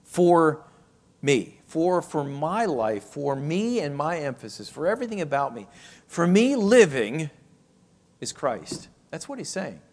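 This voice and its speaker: A man preaching a sermon, teaching from a Bible passage, slowing down to stress key phrases and asking rhetorical questions. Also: on the high side, big pitch swings, darkish tone. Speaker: pastor.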